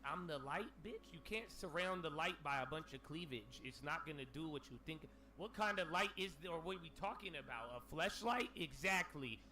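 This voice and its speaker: A man hosting a casual livestream, ranting in an animated, profane way with lots of slang. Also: on the high side, brisk, few pauses. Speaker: livestream host.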